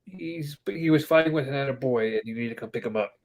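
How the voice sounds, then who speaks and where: A man chatting casually on a podcast as co-host, telling a story with lively, animated delivery and acting out the people he quotes. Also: mid-range voice, fast, highs cut off. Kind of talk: casual chat.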